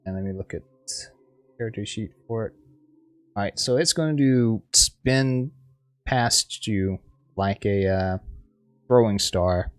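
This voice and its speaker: A man running a tabletop game as game master, narrating haltingly with frequent restarts and searching for words. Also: fairly low pitch, no room sound, soft background music.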